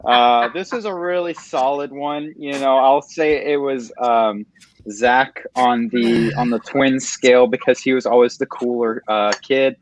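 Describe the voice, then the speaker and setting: A man's voice: mid-range voice, unhurried, a little hiss or hum. A man co-hosting a casual podcast, easygoing and a bit hesitant. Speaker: podcast co-host. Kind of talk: casual chat.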